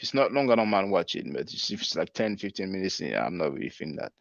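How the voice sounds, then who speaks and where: A man in his forties with a lowish voice hosts his channel, reading out viewer comments and answering them in loose, conversational commentary. The sound is dry and a little dull, with no room echo. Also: big pitch swings, quick pace, gravelly. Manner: conversational, spells words out, laughs at comments. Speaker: channel host reading live chat.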